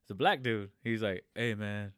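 A man from Guam co-hosting a podcast, laid-back and quick to laugh as he tells a story. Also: fairly low pitch, fairly bright tone, no room sound, studio quality. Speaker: podcast co-host. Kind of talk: casual chat.

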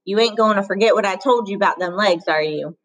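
A woman's voice: medium pitch, fast, lightly acted, poor audio. A woman voicing a stern, tall motel cleaner who talks bluntly and scolds. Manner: blunt, scolding, plain-spoken.

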